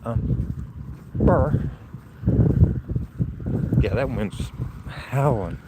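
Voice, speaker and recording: A man's voice: on the low side, moderate pace. A man live-streaming while walking outdoors on a snowy, windy night, chatting casually to his viewers and feeling the cold. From Central Florida. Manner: casual, rambling, talks to viewers. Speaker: vlogger. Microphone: handheld phone.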